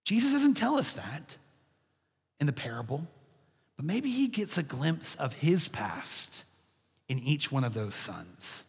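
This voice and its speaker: A man preaching, folksy and storytelling, calling his listeners "y'all." His voice sits a little high and a bit husky. The sanctuary rings with a long reverb. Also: very animated, unhurried. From Texas. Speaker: pastor. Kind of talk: sermon. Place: church sanctuary.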